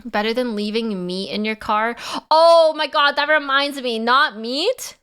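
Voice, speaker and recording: A woman livestreamer talks casually to her chat. Her voice is bright and forward and sits a little high, and she laughs between stories. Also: a little slow, clear, resonant tone. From Canada. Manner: chatty, laughs often, answers chat.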